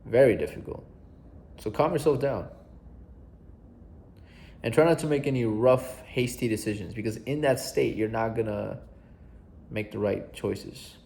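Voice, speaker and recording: A man's voice: lowish voice, unhurried, gravelly, pauses often, a little mellow. A young adult man coaching viewers in a casual vlog, earnest and blunt, swearing casually and repeating himself for emphasis. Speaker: self-help coach.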